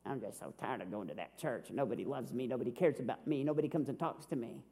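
A man's voice: mid-range voice, fast, dark tone, husky, voice pushed down. A man in his fifties voicing a bitter, self-pitying male churchgoer who whines and grumbles. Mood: sulky. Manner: whiny, grumbling.

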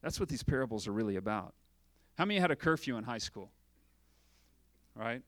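A man's voice: mid-range voice, expressive, a little fast, fairly bright tone, no echo. A man preaching a sermon as pastor, asking rhetorical questions and acting out little dialogues.

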